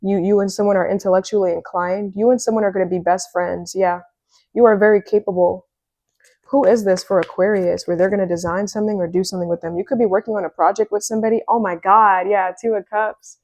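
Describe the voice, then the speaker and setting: A woman giving a casual, excitable tarot reading, chatty and full of fillers. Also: mid-range voice, fast, dry recording. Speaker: tarot reader.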